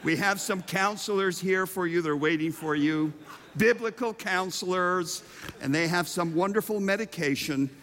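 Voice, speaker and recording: A man playing a kindly friend who gently eases him off the stage, soothing in tone. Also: sits high, moderate pace. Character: kindly man easing a preacher offstage. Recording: reverberant hall.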